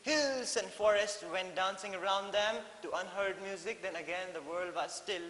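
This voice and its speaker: A male English teacher with an Indian English accent talks through a story in an animated, repetitive way, slipping into Hindi now and then. His slightly high voice sits in an echoey room with long reverb and a faint hiss. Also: normal speed. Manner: animated, mixes in Hindi, many fillers and repeats. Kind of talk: classroom lesson explaining a story.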